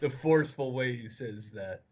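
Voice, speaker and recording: A man chatting on a podcast over a video call, talkative and quick to laugh. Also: medium pitch, lively intonation, a little mellow. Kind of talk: casual chat. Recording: slightly dull call audio with faint noise.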